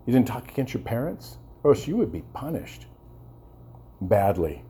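A male preacher with a mellow, slightly husky voice. He delivers his sermon with passion, stumbling over words and restarting as he goes. Now and then he turns to his listeners and asks them to agree. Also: mid-range voice, very animated, normal speed. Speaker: pastor.

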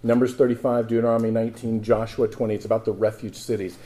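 Male pastor, very dark and mellow tone, conversational sermon delivery that builds into emphatic scripture reading. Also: fairly low pitch, flat delivery, quick pace.

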